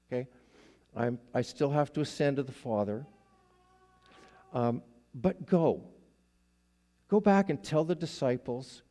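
Slow, mellow-voiced male preacher. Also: mid-range voice. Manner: slow, deliberate storytelling with dramatic pauses. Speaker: guest preacher. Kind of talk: sermon.

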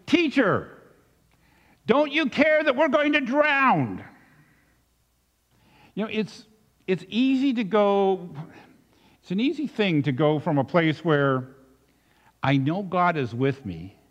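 A male pastor preaching a sermon in a reflective way, dropping soft and then rising with emphasis. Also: fairly high pitch. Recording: dull recording with long reverb.

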